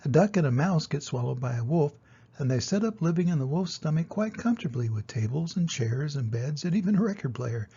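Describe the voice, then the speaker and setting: An older man, a grandfather, reading a children's picture book aloud and gently explaining it. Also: on the high side, expressive, brisk, breathy edge, lo-fi sound. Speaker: grandfather storyteller.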